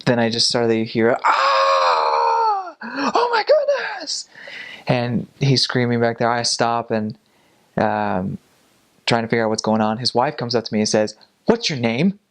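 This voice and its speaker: A young man, a missionary, telling a casual story with animated delivery and frequent laughs. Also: medium pitch, moderate pace, smooth. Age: young adult.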